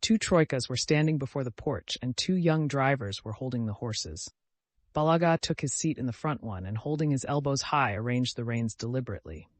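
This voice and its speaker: A man narrating an audiobook in a measured storytelling voice. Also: mid-range voice, animated, no echo. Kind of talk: scripted narration.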